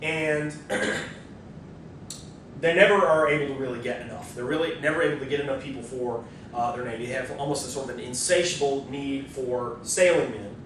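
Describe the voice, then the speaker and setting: Male lecturer, casual and talky, recorded from afar in a booming, echoey hall. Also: a bit bright. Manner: casual and conversational, with quick asides. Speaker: history professor. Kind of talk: university lecture. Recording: distant mic, very echoey lecture hall, faint rumble.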